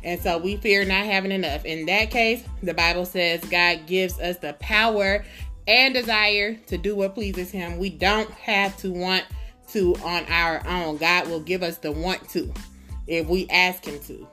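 Lively woman teaching a casual Bible lesson. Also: on the low side, measured pace, soft background music. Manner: lively, conversational, humorous.

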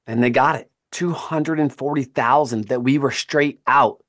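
A man hosting a podcast, telling stories in a casual, animated way and often checking in with "right?" and "man". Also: mid-range voice, normal speed. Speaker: podcast host.

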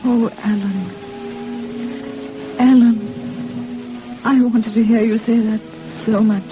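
High-voiced, spirited young woman in an old film, scolding and tender, on a phone-thin soundtrack with loud music. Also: fairly even intonation, takes it slowly, narrow, tinny audio. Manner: emotional, sharp-tongued then tender. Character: young woman in love, earnest and teasing. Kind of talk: 1940s film acting.

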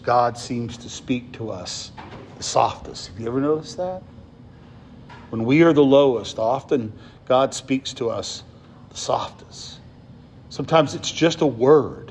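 With a medium, slightly rough voice, this male preacher alternates between emphatic statements and soft, whispered moments during his sermon. He frequently turns to listeners with a questioning "right?"

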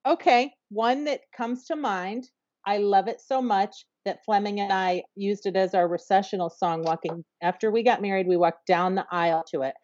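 A woman's voice: mid-range voice, normal speed, darkish tone, no room sound. Rambling woman co-host, lo-fi sound. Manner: rambling, retells scenes at length. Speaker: podcast co-host. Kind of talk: casual chat. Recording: dull lo-fi sound.

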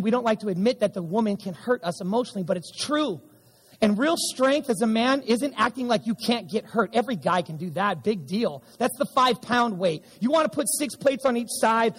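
A man's voice: very high voice, breathy edge. A middle-aged male pastor preaching an emphatic sermon, repeating lines and calling back to the congregation. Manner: emphatic preaching with repeated audience call-and-response. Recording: church sanctuary with long reverb.

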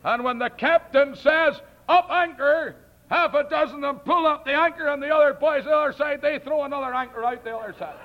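A man preaches a fiery sermon in a strikingly high voice, mocking and thundering by turns. The old recording sounds dull and lo-fi. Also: fairly quick. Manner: impassioned, mocking, bursts into shouts.

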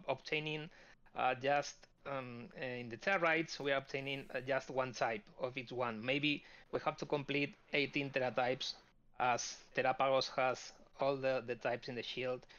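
A man chats casually as a podcast guest, halting often and filling gaps with ums and uhs while he searches for words. His voice comes through a dull, lo-fi recording. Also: medium pitch, a bit bright. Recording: dull lo-fi audio.

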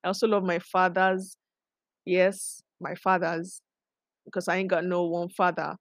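A young woman, hosting a podcast and chatting casually, animated and laughing as she acts out quotes. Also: lowish voice, unhurried, dry recording, studio quality. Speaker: podcast host. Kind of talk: casual storytelling chat.

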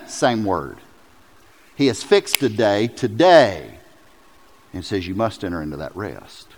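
A man preaching a sermon as pastor, telling stories with lively, acted-out quotes. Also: on the low side, unhurried. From South Carolina. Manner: animated storytelling, jumps into loud acted quotes. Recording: long hall reverb.

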